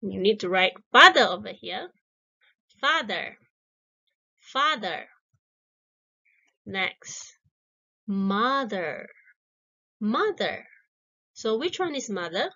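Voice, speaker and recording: A woman's voice: medium pitch, big pitch swings, creaky, pushed and bright, dull audio. A woman teaching a simple English lesson to young children, repeating each word and praising the answers. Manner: encouraging, drawn-out words repeated twice.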